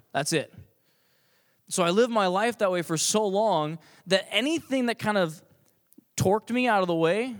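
A man telling a personal story to an audience in an animated, self-deprecating way, full of fillers and restarts. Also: high-pitched. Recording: long hall reverb.

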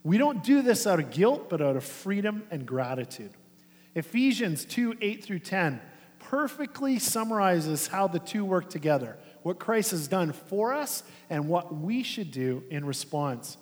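A man preaching a sermon to his congregation, animated and conversational, dropping soft and slow to stress a point. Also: high voice. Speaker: pastor. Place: church sanctuary. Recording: long reverb of a church hall.

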